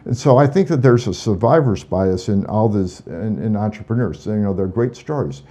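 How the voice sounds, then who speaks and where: A man's voice: on the low side, expressive, normal speed, dark tone. A man, a guest on an interview show about drilling engineering, talking casually and earnestly, often repeating words as he thinks.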